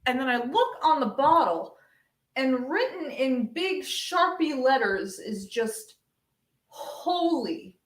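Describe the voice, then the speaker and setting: A young woman doing a deadpan stand-up set over a video call, with many ums. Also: high voice, takes it slowly. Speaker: stand-up comedian. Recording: echoey room, distant from mic.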